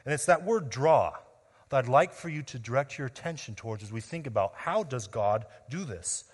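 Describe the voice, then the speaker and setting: A pastor preaches to his congregation in an emphatic, questioning way, rising to loud declarations and dropping to near-whispers. His mid-pitched male voice rings with the long reverb of a large hall. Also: lively intonation, moderate pace, husky. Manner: emphatic preaching with rhetorical questions, swinging between loud and quiet. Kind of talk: sermon.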